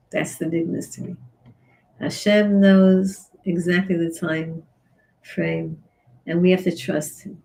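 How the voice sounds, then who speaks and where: Woman teaching a torah class on psalms, earnest, acts out the dialogue, normal middle pitch. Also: vocal fry, poor audio. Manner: earnest and expressive, acting out dialogue with God.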